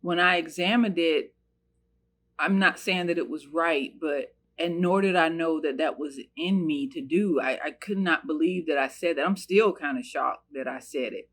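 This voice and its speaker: A woman's voice: deep voice, normal speed, a bit bright. A woman from the United States telling a personal story in an earnest, searching way, with many fillers and restarts.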